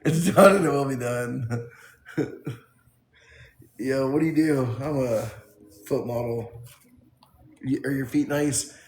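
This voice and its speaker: A man's voice: mid-range voice, slow, long pauses, roomy sound. A man on a casual live stream who laughs often while reading his chat aloud and riffing on its jokes.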